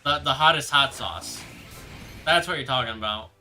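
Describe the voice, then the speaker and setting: A young man with a very bright, forceful voice chats loosely on a live stream, often restarting his sentences as he answers viewers. Soft background music plays behind him. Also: mid-range voice. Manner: rambling, halting, reads chat aloud and answers. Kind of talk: casual live-stream chat.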